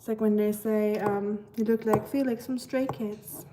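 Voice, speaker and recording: A woman's voice: medium pitch, fairly even intonation, normal speed, background noise. A woman from Germany, chatting casually on a live stream, reading out viewer comments and filling her talk with "like". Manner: chatty, reads viewer comments aloud, heavy use of "like".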